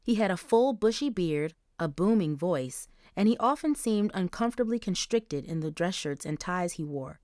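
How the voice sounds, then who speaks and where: A woman narrating a young-adult novel as an audiobook, in clear, even storytelling. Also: fairly low pitch, no room sound, studio quality. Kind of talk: scripted narration.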